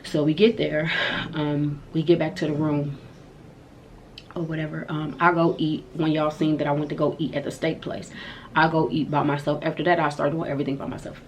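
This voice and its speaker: A woman's voice: low-pitched, flat delivery, fairly quick, a little hiss or hum. A young woman vlogger telling a story to her viewers in a candid, slangy and emphatic way. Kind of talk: storytime vlog.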